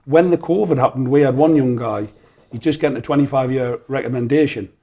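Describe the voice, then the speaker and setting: Podcast host guy, mellow warm tone, keeps saying yeah yeah. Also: mid-range voice. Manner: frequent quick backchannels like "yeah, yeah". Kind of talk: casual interview chat.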